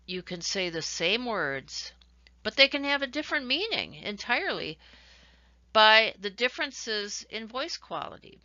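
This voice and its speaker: A woman's voice: mid-range voice, pushed and bright, dry recording, dull audio. A woman teaching a recorded lecture, explaining ideas with worked examples and shifting emphasis. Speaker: instructor.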